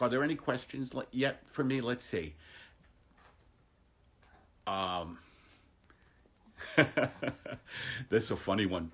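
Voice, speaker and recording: A man's voice: fairly low pitch, a bit bright, slightly rough. A male comedian rambling through a casual livestream from home, self-mocking and jokey. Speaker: stand-up comedian hosting a livestream. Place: home, during lockdown.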